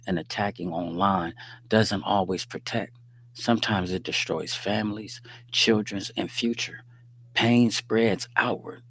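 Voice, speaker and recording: In casual faith talk on his livestream, the host's lowish voice comes through a livestream microphone. He combines sermon-like points with streetwise slang and laughing asides, and he repeatedly checks that listeners follow by asking "you dig what I'm saying."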